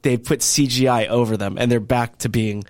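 A man's voice: medium pitch, fairly even intonation, moderate pace, a little mellow, no room sound. A man chatting casually about news on a podcast, rambling and hedging.

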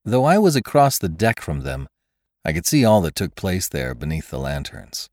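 Deep-voiced male storyteller. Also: big pitch swings, moderate pace, dry recording, studio quality. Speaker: podcast narrator. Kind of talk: audiobook narration of an adventure story.

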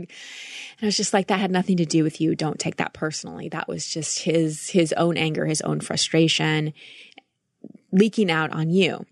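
A woman's voice: low voice, fairly even intonation, normal speed, no room sound, clean studio sound. A woman life coach hosting a podcast, talking through her thoughts in an earnest, reflective monologue with frequent restarts.

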